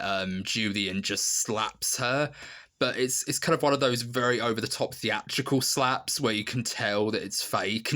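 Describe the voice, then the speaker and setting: Guy rambling thru a review, lowish voice but bright and edgy, tons of ums and restarts. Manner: rambling, many ums and restarts, laughing asides. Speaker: film reviewer. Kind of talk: casual spoken review.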